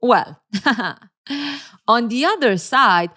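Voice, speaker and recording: A woman's voice: fairly high pitch, lively intonation, drawn-out words, pushed and bright. A woman giving casual relationship commentary for a video, sarcastic and teasing, with frequent laughs and playful asides.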